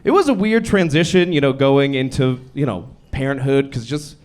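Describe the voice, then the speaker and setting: A young man performing a stand-up set on a comedy club stage, with a deadpan, self-deprecating delivery. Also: mid-range voice, moderate pace. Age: young adult.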